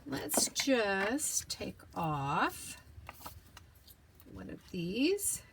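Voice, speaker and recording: Slow, chatty woman crafting on camera. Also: mid-range voice, wildly swooping pitch, vocal fry, noisy background. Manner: slow, chatty, talks to herself while working, drops to whispers. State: losing her voice, clearing throat. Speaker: craft tutorial host. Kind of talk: unhurried crafting tutorial.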